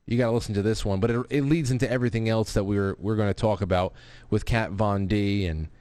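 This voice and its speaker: A man's voice: lowish voice, fast talker, a little mellow, no room sound. Rambling male talk show host, dry sound. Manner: rambling, restarts, profane asides. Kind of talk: casual live-stream talk, reading super chats.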